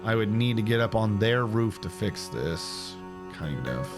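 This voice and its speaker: Low-voiced man streaming, music behind. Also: big pitch swings, measured pace. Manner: thinking aloud, chatty, answering chat. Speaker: streamer playing a building game. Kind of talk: casual gameplay commentary. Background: guitar music.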